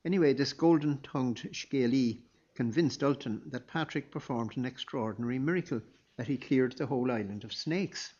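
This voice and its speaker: A man voicing a thoughtful old abbot who recounts past events in a measured, wry way. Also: medium pitch, darkish tone, highs cut off, lightly acted. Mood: musing. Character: calm, thoughtful old male abbot telling tales.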